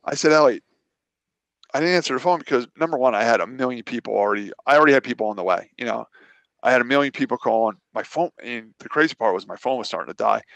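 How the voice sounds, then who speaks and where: A local racer who regularly guests on a casual podcast spins a long, rambling story, cutting himself off and replaying what others told him. His mid-range voice is quick, fairly bright and has vocal fry, with no room sound.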